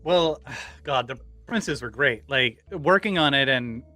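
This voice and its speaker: A man's voice: medium pitch, lively intonation, unhurried, pushed and bright, no echo, soft background music. A man, a podcast guest, casually telling stories with many restarts and rambling asides.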